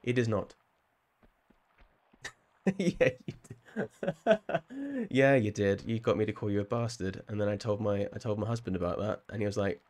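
A man's voice: fairly low pitch, steady tone, fast talker, a little mellow. A man with a southern English accent, chatting casually with viewers while playing a game on a live stream, rambling and laughing often. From southern England.

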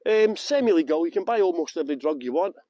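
A man's voice: fairly high pitch, expressive, fast talker, mellow, dry recording. A middle-aged man with a strong Scottish accent, chatting to viewers by name as he leads a live-streamed walking tour through town streets at night, laughing often. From Scotland. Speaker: tour guide.

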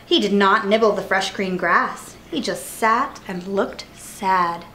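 A woman reading a children's picture book aloud with clear, expressive narration. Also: mid-range voice, slow, a little hiss or hum, poor audio. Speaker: storyteller.

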